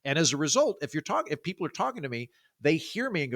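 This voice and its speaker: A man from Oklahoma with a baritone voice, talking casually as a podcast guest, with lots of fillers and restarts. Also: big pitch swings, fast talker, hardly any pauses, a bit bright, slightly rough, no room sound, studio quality. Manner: chatty, many fillers and restarts. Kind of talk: casual interview talk.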